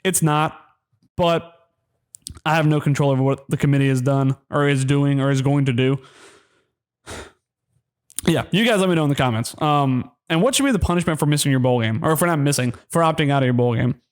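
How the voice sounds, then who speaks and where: A man's voice: brisk, long pauses. A man hosting a college football podcast, ranting heatedly and mockingly, then winding down into a rambling sign-off with many ums. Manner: heated, ranting, mocking, pitch jumps when worked up. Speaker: sports podcast host. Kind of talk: solo sports rant.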